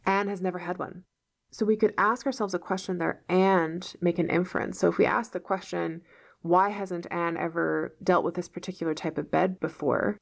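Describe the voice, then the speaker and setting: Low, gravelly-voiced woman teacher. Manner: patient, step-by-step, checks with "right?". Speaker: English teacher. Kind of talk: explaining a novel to learners.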